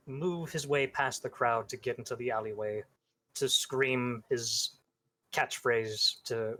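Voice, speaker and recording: Picture a man playing a tabletop game in an ordinary middle-pitched voice. He tells his character's moves plainly, like a story. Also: fairly bright tone. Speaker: player.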